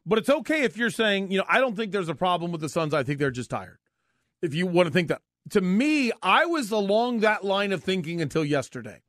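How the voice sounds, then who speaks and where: A man's voice: high-pitched, very animated, fairly quick, a bit bright, no echo, studio quality. A man co-hosting sports talk radio, opinionated and sarcastic as he breaks down team defense.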